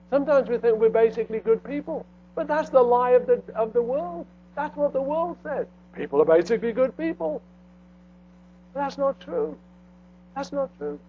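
Man, sermon, high voice, loud then hushed delivery, muffled lo-fi audio, faint hum behind. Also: expressive, normal speed. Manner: preaching with big swings between loud emphasis and hushed low phrases. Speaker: pastor. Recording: dull lo-fi sound with faint mains hum.

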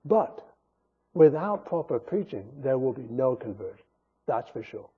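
A man's voice: mid-range voice, big pitch swings, a little slow, husky, phone-quality sound. A man preaching a sermon in an earnest, emphatic way, his voice rising sharply when he rebukes.

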